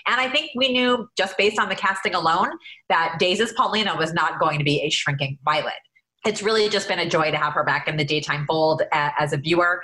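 A woman co-hosts a podcast, her voice bright and forceful. She talks with eager enthusiasm, and the room around her is noticeably echoey. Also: lowish voice, fairly quick. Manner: enthusiastic and gushing. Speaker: podcast co-host. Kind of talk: casual chat.

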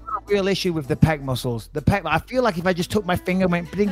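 A man's voice: high-pitched, animated, fast talker, soft background music. A man co-hosting a podcast, in casual comedic banter with teasing, rambling asides. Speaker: podcast co-host.

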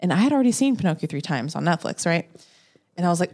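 A woman guest on a podcast, telling a story in a casual, animated way and acting out her own lines. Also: quick pace. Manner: animated, acts out her own quotes with rising pitch.

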